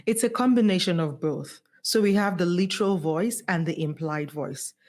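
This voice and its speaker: A woman speaks as a guest on a podcast, coaching listeners on their voices. Her voice sits fairly low, yet she is animated and emphatic, swooping up high whenever she stresses a point. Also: moderate pace. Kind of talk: motivational podcast conversation.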